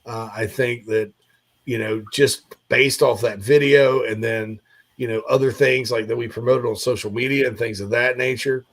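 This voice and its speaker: A man's voice: mid-range voice, fairly bright tone. A man hosting a sports talk show, rambling casually with lots of fillers and restarts.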